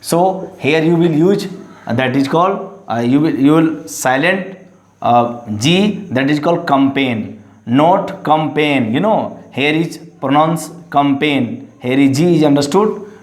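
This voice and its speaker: Echoey, halting male English teacher. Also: fairly high pitch. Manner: repetitive, halting, many fillers. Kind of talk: classroom lesson explanation.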